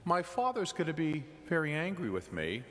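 A man's voice: a little high, huge pitch swings, moderate pace. A man voicing a hesitant, worried young boy in a told joke. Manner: hesitant, fretful. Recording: church with long reverb.

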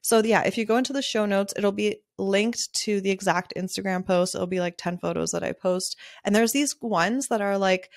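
A woman's voice: mid-range voice, steady tone, moderate pace, vocal fry, hardly any pauses, no room sound, studio quality. A young adult woman hosting her own photography podcast, talking in a candid, chatty way, laughing often and swearing casually. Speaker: podcast host, wedding photographer. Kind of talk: casual solo podcast monologue.

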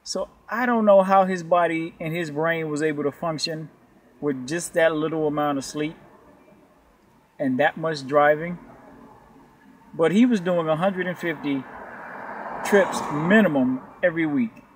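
A man's voice: a little high, measured pace, pauses often, a little hiss or hum. A man who works as a rideshare delivery driver, talking loosely and profanely in a rambling rant to his viewers. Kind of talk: casual ranting vlog.

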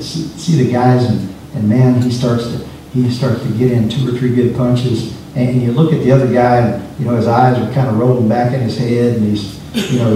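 Preacher's voice echoing from afar. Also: male voice, medium pitch, warm tone, a little hiss or hum. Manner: emphatic, repeats words when speeding up. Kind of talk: sermon. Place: church sanctuary. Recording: echoey church from far off.

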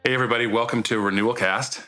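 A man's voice: mid-range voice, steady tone, very fast, sharp tone. A man hosting a weekly podcast, welcoming listeners and introducing a returning guest in an upbeat, friendly way. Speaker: podcast host. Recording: intro with music behind.

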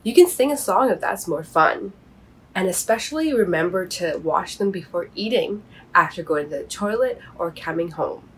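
Woman reader playing a gentle old teacher owl; patient, measured, soft and breathy. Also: lowish voice, expressive. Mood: explaining.

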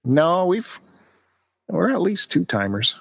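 A man's voice: high-pitched, sing-song, slow, vocal fry, a bit bright, breathy edge. A man co-hosting a podcast in casual chat, chatty and teasing as he plugs events. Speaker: podcast co-host.

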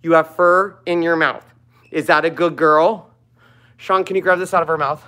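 A woman's voice: low voice, steady tone, normal speed, a bit bright. A woman vlogger in casual chat, cooing in baby talk at puppies.

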